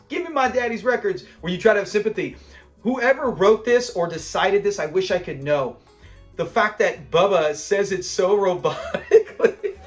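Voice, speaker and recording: A man with a high-pitched voice talks through a classic sitcom episode in a loose, chatty way. He sounds enthusiastic and breaks into laughter as he recaps favourite moments, with faint music under him. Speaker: show review host. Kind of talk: casual episode breakdown commentary.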